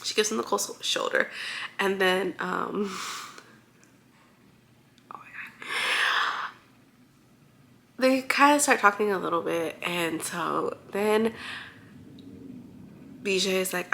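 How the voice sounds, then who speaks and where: A young woman vlogger casually recapping a book series, chatty and giggly, full of excited asides and many fillers. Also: mid-range voice, slow pace, gravelly, long pauses, a little hiss or hum.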